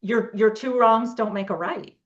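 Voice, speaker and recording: A woman's voice: on the high side, normal speed, highs cut off. A middle-aged woman, a couples therapist, giving advice in a podcast interview and acting out sample dialogues. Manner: explains with acted example dialogues.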